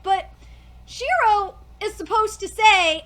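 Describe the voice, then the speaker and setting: A woman giving a casual anime review, gushing and excitable, swearing and laughing often, rambling with lots of fillers. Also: very high voice, a little slow. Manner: rambling with many fillers and restarts.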